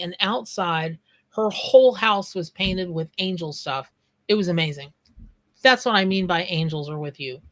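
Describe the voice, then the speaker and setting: A woman hosting a live tarot reading, talking bluntly and casually while greeting viewers by name. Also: fairly low pitch. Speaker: tarot reader and psychic.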